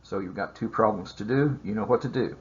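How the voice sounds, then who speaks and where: A man teaching a math lesson over slides, explaining steps in a measured way with frequent filler sounds. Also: lowish voice, husky, lo-fi sound. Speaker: math instructor. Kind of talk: recorded lecture over slides.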